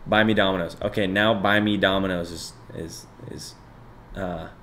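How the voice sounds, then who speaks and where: A man's voice: sits low, fairly even intonation, normal speed, a bit bright, a little hiss or hum. A young man in his twenties chatting casually and profanely with his stream viewers, bantering loosely and reading chat aloud.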